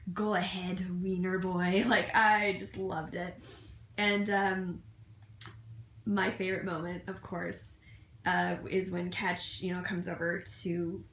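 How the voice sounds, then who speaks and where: A woman's voice: mid-range voice, a bit bright, reverberant. A woman giving a casual, gushing fan review, full of fillers and restarts, often breaking into laughter.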